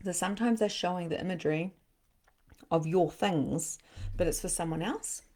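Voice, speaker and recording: A middle-aged woman hosting a live spiritual session as a medium, chatting casually, laughing often and breaking into sudden excited bursts. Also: on the low side, normal speed, slight background noise. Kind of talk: casual live-stream channeling.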